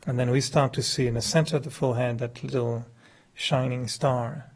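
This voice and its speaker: At a normal speed and with fairly even intonation, a middle-aged meditation teacher whose first language isn't English gives a humorous, chatty spiritual talk. He regularly laughs at himself and dramatizes quotes with wide leaps in pitch.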